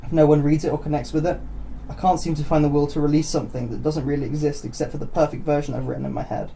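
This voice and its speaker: Podcast host, male, reads short writing, raised pitch, gravelly, mellow tone. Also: little pitch movement, very fast, slight background noise. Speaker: podcast host reading stories. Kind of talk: reading short pieces aloud on a podcast.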